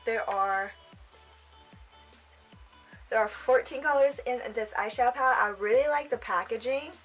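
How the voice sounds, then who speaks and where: A woman's voice: on the high side, a bit bright, poor audio. Chatty young woman, makeup tutorial. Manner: rambling, chatty, trails off with self-talk; giggly. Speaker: makeup vlogger.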